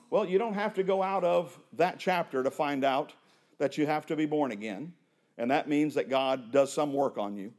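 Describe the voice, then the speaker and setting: A man preaching a sermon to a church congregation, rising to loud emphatic peaks and dropping to low, hushed lines. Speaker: pastor.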